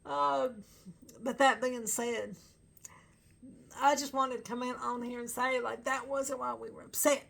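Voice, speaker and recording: A woman's voice: on the high side, fairly even intonation, measured pace, gravelly, pauses often, a bit bright. A woman chatting casually as a fan vlogger, rambling with lots of fillers and bursts of laughter. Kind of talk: casual chat to camera.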